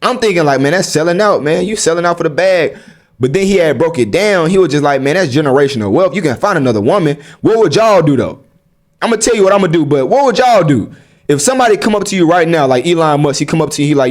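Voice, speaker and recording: A young man with a slightly high voice gives his viewers blunt, casual advice. He talks in street slang and keeps throwing rhetorical questions at them. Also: lively intonation, fast talker. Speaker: vlogger. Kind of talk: casual advice monologue to camera.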